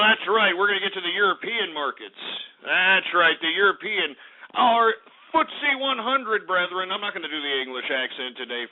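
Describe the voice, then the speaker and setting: A man hosting a talk radio show, ranting brashly and profanely with many fillers while reading out market numbers. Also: a little high. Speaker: radio host. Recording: phone-like lo-fi radio stream.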